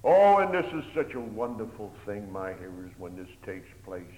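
A man preaching a sermon, swinging between loud pleading and hushed near-whispers, with old-fashioned pulpit phrasing that keeps calling his listeners "my hearers". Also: fairly low pitch, sing-song, moderate pace. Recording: echoey hall, long reverb.

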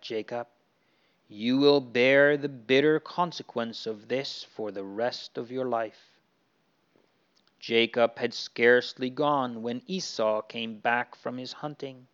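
Slow, smooth male storyteller. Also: medium pitch. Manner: earnest, addressing the characters directly. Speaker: storyteller for children. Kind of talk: Bible story narration. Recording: dull lo-fi recording.

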